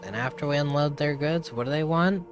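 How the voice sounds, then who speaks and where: A man's voice: fairly high pitch, fairly quick, music in the background, lightly acted. A man reading a weary, blunt woman dock official in a fantasy game, in his own voice with dry, swearing complaints. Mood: grumbling.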